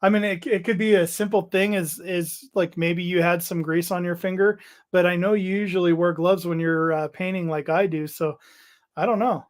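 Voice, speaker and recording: The livestream host's voice is high-pitched and steady. Loose and halting, he rambles through a casual hobby stream, reading out chat messages and often trailing off before starting over.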